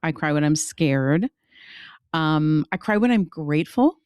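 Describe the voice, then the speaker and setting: A woman co-hosting a podcast, chatting in an expressive, emotional way with soft gasps and exclamations. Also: low voice, unhurried, clear, resonant tone, no echo. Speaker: podcast co-host. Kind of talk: casual podcast chat.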